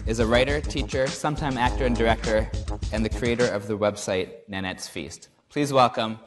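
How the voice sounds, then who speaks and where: A man's voice: medium pitch, moderate pace. A man introducing the next speaker at an event, in a formal announcing manner. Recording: music playing underneath.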